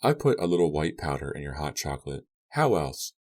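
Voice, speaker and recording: A man voicing a quietly menacing deranged girl. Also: extremely low pitch, a little fast. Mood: quietly taunting. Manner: quiet, taunting, calm menace. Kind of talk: audiobook character voice.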